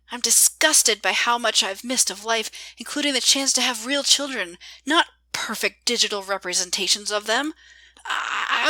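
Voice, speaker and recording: A woman's voice: on the high side, sharp tone, dry recording, voice pushed up, rough recording. A woman reading an earnest young man, pleading. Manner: pleading, heartfelt. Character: earnest young man yearning for real life.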